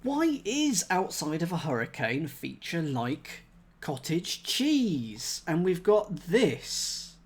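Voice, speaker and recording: A man's voice: on the high side, big pitch swings, takes it slowly, breathy edge. A man thinking aloud as he solves a cryptic crossword live, chatting with viewers and laughing at himself. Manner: chatty, reads chat aloud, self-mocking laughs.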